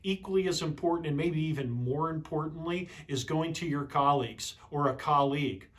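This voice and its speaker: Measured male leadership trainer, slightly high. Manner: measured, explanatory, asks rhetorical questions. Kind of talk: instructional talk to camera.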